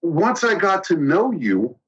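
Husky man telling stories, lo-fi sound. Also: on the high side, sing-song, measured pace. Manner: storytelling, hesitant with fillers. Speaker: guest. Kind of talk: casual interview chat. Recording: dull lo-fi sound.

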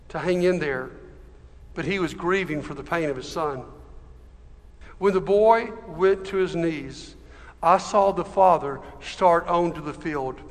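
High-voiced pastor in a reverberant hall. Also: male voice. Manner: emotional, dramatic storytelling. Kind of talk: sermon storytelling.

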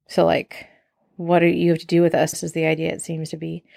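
A woman's voice: low voice, completely flat delivery, brisk, vocal fry, dark tone, no echo, studio quality. A woman leading a casual verse-by-verse Bible study, reading scripture aloud and then commenting in an enthusiastic, chatty way. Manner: chatty, frequent "like" and laughs.

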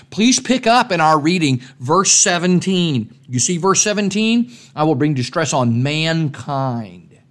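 A man's voice: a little high, fairly bright tone. An older man, a preacher, giving a casual devotional talk on a podcast in a folksy, earnest way, often restarting his sentences.

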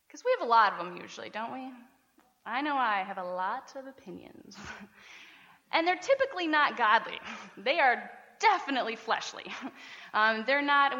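A woman pastor preaching a lively sermon, often laughing and acting out the people she quotes. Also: a little high. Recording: dull sound with long hall reverb.

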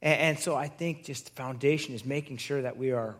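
A man's voice: mid-range voice, a little fast. A male pastor giving a conversational sermon who restarts his sentences often.

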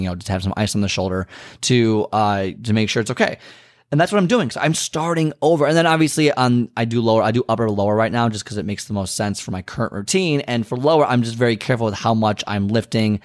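A man's voice: on the low side, no room sound, clean studio sound. A man hosting a podcast, talking frankly and animatedly in a casual monologue, venting his frustration with lots of restarts. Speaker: podcast host.

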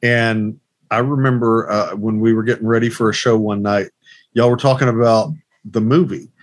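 A man's voice: lowish voice, fairly even intonation, moderate pace, no echo. A man co-hosting a casual movie podcast, recounting things in an easygoing, storytelling way. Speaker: podcast co-host. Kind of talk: casual movie-discussion chat.

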